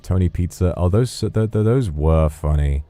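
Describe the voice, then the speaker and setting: A man's voice: sits low, lively intonation, normal speed, mellow, no room sound. A man casually commentating as he streams a game, rambling and swearing playfully.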